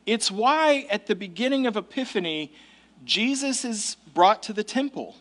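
A male pastor delivers a sermon in a conversational tone. His voice sits high, and he stresses key points with casual asides. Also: lively intonation, moderate pace, fairly bright tone.

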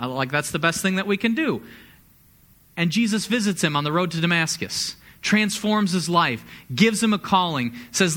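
A man preaching a sermon, a pastor talking in a conversational, energetic way and asking the congregation questions. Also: sits high, normal speed.

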